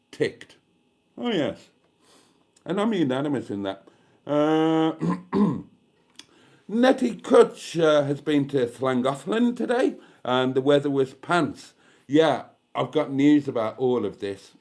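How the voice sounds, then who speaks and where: A man with a mid-range, darkish voice hosts a casual YouTube live stream from his home in Britain. He reads out viewer comments in a chatty, camp, self-mocking way.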